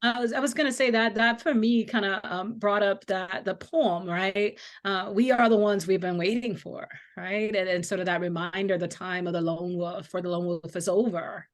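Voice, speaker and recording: A woman's voice: mid-range voice, moderate pace, hardly any pauses. A woman hosting a conversation as the founder of a coaching practice, speaking earnestly and tagging her points with "right?". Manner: earnest, frequent "right?" tags, steady build of points. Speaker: host and coaching company founder. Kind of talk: interview conversation.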